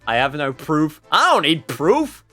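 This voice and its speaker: A man streaming as a VTuber who banters with his chat in an excitable, yelping, playfully complaining way. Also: on the high side, unhurried, soft background music. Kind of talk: live game stream banter.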